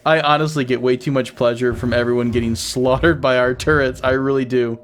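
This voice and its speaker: A man's voice: medium pitch, fairly even intonation, fairly quick, a little hiss or hum. Giggly man narrating his game. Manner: playful, laughs often, wheezing giggles. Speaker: gaming channel host. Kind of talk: casual game commentary.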